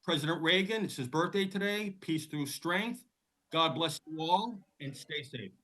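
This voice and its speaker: A man's voice: fairly high pitch, expressive, normal speed, fairly bright tone, rough recording. A man giving firm, blunt public comment at a police commission meeting.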